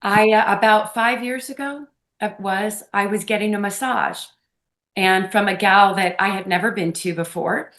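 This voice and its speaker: A woman guest on an interview, telling personal stories in an effusive, animated way and laughing often, talking over a remote call. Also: medium pitch, moderate pace. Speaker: podcast guest, medium. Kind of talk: casual storytelling interview. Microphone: phone or remote call.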